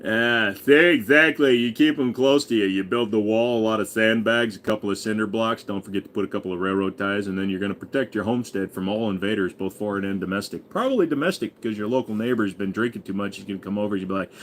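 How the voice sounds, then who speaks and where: A man's voice: on the low side, quick pace, few pauses, fairly bright tone, a little hiss or hum. A man in his forties hosting a casual livestream, crudely joking and reading viewer messages aloud. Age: 40s. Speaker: livestream host.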